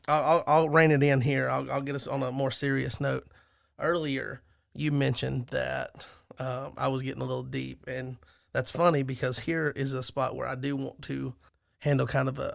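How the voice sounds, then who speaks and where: A man's voice: mid-range voice, creaky, no echo, clean studio sound. A man co-hosting a podcast, chatting casually, joking and rambling with restarts. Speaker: podcast co-host. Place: lives in Alabama.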